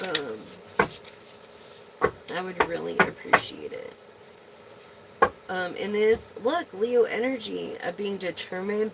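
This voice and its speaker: Casual tarot reader, woman, low gravelly voice, rambling and profane, hiss behind her. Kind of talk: casual tarot reading stream.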